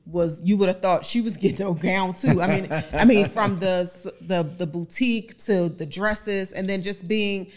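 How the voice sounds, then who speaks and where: A woman's voice: mid-range voice, moderate pace, hardly any pauses, a little mellow. A woman podcast guest in casual chat, telling her story with animation, repeating words and acting out what people said.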